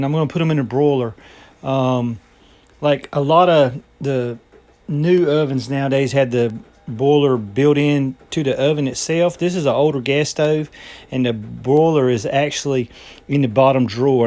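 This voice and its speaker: A man talks viewers through a recipe in his home kitchen. His delivery is folksy and rambling, full of ums and restarts. His voice sits at an ordinary middle pitch. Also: moderate pace, darkish tone. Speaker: home cooking channel host. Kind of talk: casual cooking demonstration.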